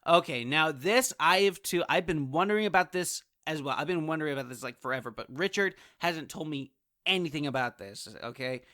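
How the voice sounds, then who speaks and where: A man's voice: on the high side, fairly quick, sharp tone, no room sound, clean studio sound. A man hosting a comedic in-character podcast, rambling and often breaking into laughter. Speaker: podcast host.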